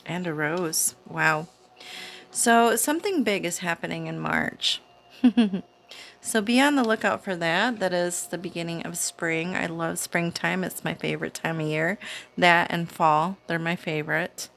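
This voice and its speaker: A woman with a slightly low voice talks her viewers through a weekly card reading. She speaks slowly and unhurriedly, in a soothing and chatty way, like a host used to talking to her regular audience. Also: gravelly, fairly bright tone, slight background noise. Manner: slow, soothing, chatty with small laughs. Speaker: tarot reader, channel host. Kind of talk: casual spiritual reading to camera.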